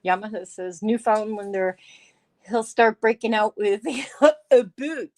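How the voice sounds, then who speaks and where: Speaking at a measured pace in a darkish, medium-pitched voice, a middle-aged woman runs a relaxed livestream. She reads viewers' chat messages aloud sarcastically, chats back with them, and laughs frequently.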